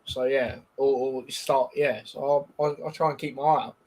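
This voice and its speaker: A man's voice: medium pitch, steady tone, moderate pace, a little mellow. A man hosting a live football watchalong, chatting in a rambling, bantering way with lots of fillers and calling the match as it goes. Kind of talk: casual live-stream chat with match commentary.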